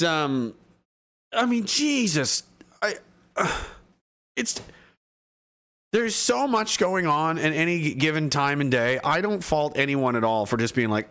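A man's voice: a little high, sing-song, unhurried, fairly bright tone. A man hosting a livestream, reading out chat and rambling casually, swearing and full of fillers and restarts.

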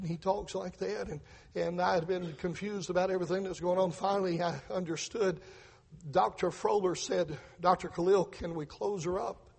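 Middle-aged man, preacher, earnest testimony sermon, high voice, husky tone. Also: fairly even intonation, moderate pace, darkish tone, long reverb tail. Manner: earnest storytelling, repeats words, acts out voices in quotes. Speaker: preacher, father telling testimony.

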